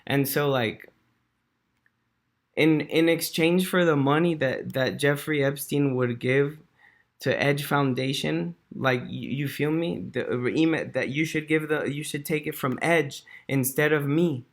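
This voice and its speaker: A man's voice: on the high side, unhurried. A man ranting casually to camera in a slangy, rambling way, full of fillers, swearing, dude and bro. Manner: rambling, restarts, chuckles to himself. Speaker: vlogger.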